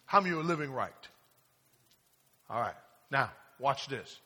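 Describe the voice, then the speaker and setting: A man's voice: medium pitch, expressive, normal speed, sharp tone, slightly rough. A male pastor preaching a sermon in a plain-spoken style, asking the congregation questions and acting out casual prayers. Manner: call-and-response preaching, asks the congregation questions. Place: church sanctuary. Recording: long hall reverb.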